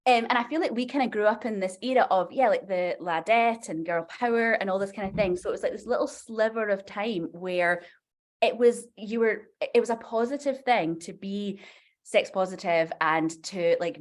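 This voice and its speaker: A woman in her forties chats as a guest on a podcast. She tells her story in a lively, animated way, with lots of fillers. Her voice sits at an ordinary middle pitch. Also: moderate pace. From Scotland. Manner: chatty, animated, many fillers. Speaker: novelist guest.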